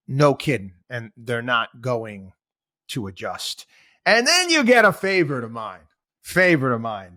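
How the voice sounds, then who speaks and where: In a medium-pitched, sing-song voice, unhurried yet pushed and bright, a man hosting a talk show fires off sarcastic, exasperated rhetorical questions as opinionated talk radio commentary. The studio-quality audio has no echo.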